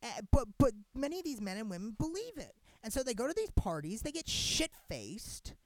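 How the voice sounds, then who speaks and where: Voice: medium pitch, a little fast, no echo. A young adult podcast host in a casual ranting monologue, talking with lots of swearing, "like" fillers and restarts. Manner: animated and profane, heavy filler "like", frequent restarts.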